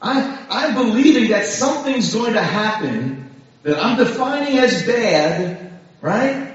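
Male preacher, high and animated voice, casual and conversational sermon, often turns to his listeners with "right?". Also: slow. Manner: conversational, asks the listeners frequent "right?" questions. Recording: echoey room from far off, dull lo-fi.

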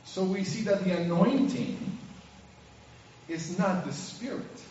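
Male preacher, sermon, animated storytelling, very echoey hall, dull distant recording. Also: high voice, takes it slowly, pauses often, slight background noise. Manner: animated storytelling, acts out scenes.

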